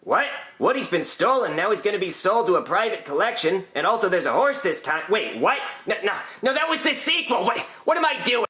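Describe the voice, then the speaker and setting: A man's voice: high voice, big pitch swings, fairly quick, hardly any pauses, pushed and bright, full character voice. A man doing a burned-out boy actor. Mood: frantic. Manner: flustered, forgetful, whiny. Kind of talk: puppet comedy skit.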